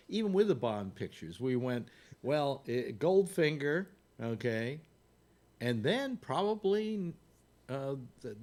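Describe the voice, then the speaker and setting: An older man hosting a casual panel chat, telling stories in a rambling way with halting restarts and laughs. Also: medium pitch, a little mellow. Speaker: radio talk show host.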